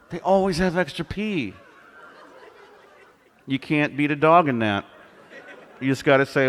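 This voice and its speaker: A middle-aged cartoonist on a convention stage, telling crude comic stories in an animated way and laughing with the crowd. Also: male voice, on the high side, unhurried, long pauses. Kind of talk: comic live storytelling. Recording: long hall reverb.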